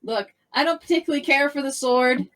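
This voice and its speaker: A woman playing in a tabletop game, talking in a blunt, animated way and swearing now and then. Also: high-pitched, fairly quick. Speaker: player. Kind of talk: casual tabletop play.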